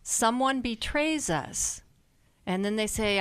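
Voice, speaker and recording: A woman counsels a caller on an advice radio show, her voice smooth and resonant in a dry studio. She speaks slowly, with empathy and emphasis. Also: medium pitch, a bit bright, dry recording. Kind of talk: call-in advice talk.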